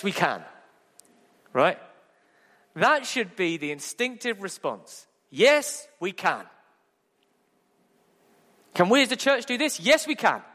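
A man preaching a sermon as pastor, lively and humorous, asking the congregation rhetorical questions. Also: sits high. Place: church. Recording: echoey church hall.

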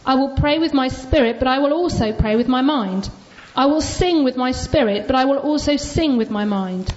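A woman reads scripture aloud at an even, measured pace, her voice on the higher side. The sound is dull and lo-fi, as if taken from a church recording. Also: a little hiss or hum. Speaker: scripture reader.

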